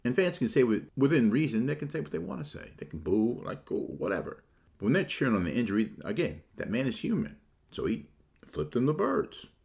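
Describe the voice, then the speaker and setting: A man giving a casual, opinionated sports monologue, shifting between relaxed talk and animated, mocking quotes. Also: medium pitch, fairly quick, vocal fry. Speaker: sports commentator.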